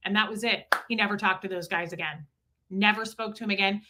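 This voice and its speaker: A woman co-hosting a live stream, telling a personal story in an earnest, animated way that repeats itself. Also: mid-range voice, fast. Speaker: co-host.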